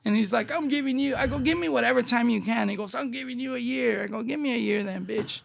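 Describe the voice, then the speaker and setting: La guy, middle-aged, raspy fry all over, high-ish voice, telling stories w/ lots of slang. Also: quick pace. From Northeast Los Angeles. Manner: animated street-slang storyteller, acting out dialogue. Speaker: guest. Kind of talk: casual storytelling interview.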